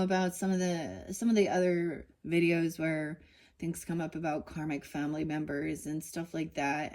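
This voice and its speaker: Chatty woman reading cards, lower voice. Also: dark tone. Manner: rambling, chatty, says "dude" and "you know". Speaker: tarot card reader. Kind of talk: casual card-reading chat.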